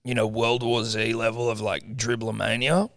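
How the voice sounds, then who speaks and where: A young man spins a rambling story in a loose, swear-heavy podcast chat. His mid-range voice carries a gravelly edge. The sound is dry and close to the mic. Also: medium pitch, moderate pace, no room sound. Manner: laid-back, swearing, animated retelling. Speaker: podcast co-host.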